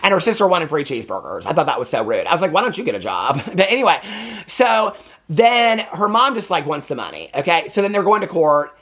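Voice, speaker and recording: A man's voice: a little high, very animated, brisk, a bit bright. A man giving a casual, rambling movie recap, full of "like" and acted-out quotes. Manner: rambling, chatty, heavy filler "like", acts out quotes. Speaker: movie reviewer.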